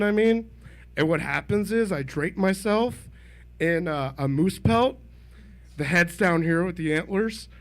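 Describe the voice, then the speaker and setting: Self-deprecating stand-up comic, high and slow. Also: male voice. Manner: self-deprecating, deadpan delivery with laughs at his own jokes. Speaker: stand-up comedian. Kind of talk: stand-up set at an open mic. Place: small comedy venue.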